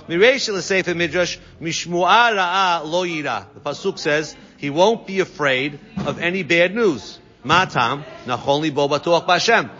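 A man teaching a Talmud class, reading Aramaic phrases and translating each one with quick asides. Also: high-pitched, bright, forceful tone. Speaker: Torah teacher. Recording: dull sound with long reverb.

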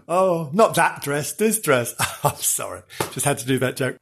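A male podcast host tells a comic history story in a theatrical, gushing style, full of exclamations and jokes. His fairly high voice is expressive and moderately paced.

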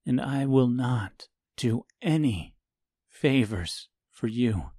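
A man voicing a stern young hero, hushed and cold. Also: mid-range voice, animated, takes it slowly, husky, no echo, studio quality, full character voice. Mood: cold contempt.

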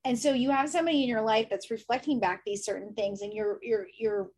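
Reflective woman with a slightly high voice. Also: steady tone, brisk, a little mellow, breathy edge. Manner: reflective, asks herself questions aloud. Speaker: podcast guest. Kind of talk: casual conversation.

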